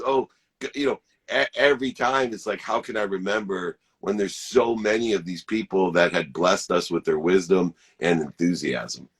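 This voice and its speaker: A man's voice: low-pitched, moderate pace, slightly rough. A man co-hosting a talk show, enthusiastic and preachy, rambling with spiritual asides. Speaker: show co-host. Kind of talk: energetic podcast conversation.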